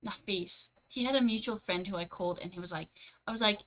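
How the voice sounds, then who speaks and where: A young woman streaming from home, chatting casually with her live chat, blunt and quick to swear and laugh. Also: mid-range voice, sharp tone, poor audio.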